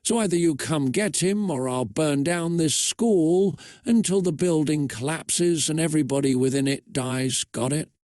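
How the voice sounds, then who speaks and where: A man's voice: a little high, moderate pace, hardly any pauses, a little mellow, no room sound, clean studio sound, natural voice. A man reading out a cruel teenage girl villain who taunts and threatens in a sing-song way. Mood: mocking.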